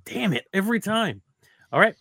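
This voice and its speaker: Lively, animated man at the game table. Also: high-pitched, moderate pace, gravelly, no echo, clean studio sound. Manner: lively, chatty, full of "like". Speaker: player. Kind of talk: casual role-play chat.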